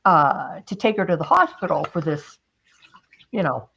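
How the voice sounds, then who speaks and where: A woman's voice: sits low, expressive, moderate pace, creaky, fairly bright tone, highs cut off, slight background noise. A woman hosting a craft stream, chatting casually and telling a story, often quoting others and laughing. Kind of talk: casual chat.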